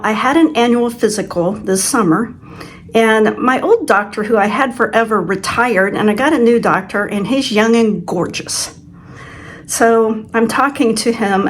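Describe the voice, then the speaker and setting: A woman in her sixties hosting her own vlog, telling a personal story in a chatty, self-deprecating way. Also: a little high. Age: 60s. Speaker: channel host. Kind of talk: casual vlog chat.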